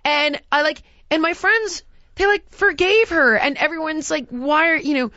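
A woman podcast host telling a story in casual chat, animated and exasperated, acting out what others said. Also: sits high, a little fast, dry recording, highs cut off.

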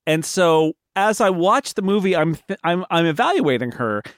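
A man co-hosting a casual film podcast, rambling and animated with many restarts and mock-indignant humor. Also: sits high, moderate pace, no echo, clean studio sound. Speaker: podcast co-host.

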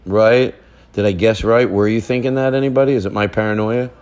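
A man's voice: lowish voice, a little fast, darkish tone. A man hosting a podcast from a family living room, telling a rambling, joking story in casual chat. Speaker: podcast host.

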